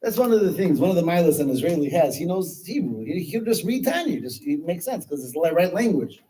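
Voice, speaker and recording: A male rabbi telling a story at a Chassidic gathering, animated, with Hebrew words dropped into his English. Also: fairly high pitch, fairly quick, low-quality recording.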